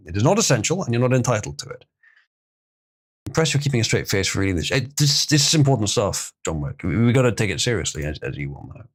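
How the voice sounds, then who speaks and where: A man hosting a livestream, reading an article aloud and breaking in with sarcastic, crude remarks. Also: mid-range voice. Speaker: livestream host.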